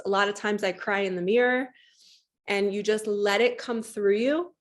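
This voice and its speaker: Gentle woman sharing her grief story. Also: medium pitch, steady tone, moderate pace. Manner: soft, gentle and encouraging, calls listeners lovies. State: a little emotional. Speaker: host and grief coach. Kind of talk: reading from her own book, then heartfelt chat.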